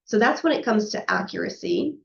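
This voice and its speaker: A woman's voice: medium pitch, animated, brisk, gravelly, highs cut off. A woman giving a professional webinar presentation, talking conversationally, often checking in with "right?" and acting out quoted exchanges.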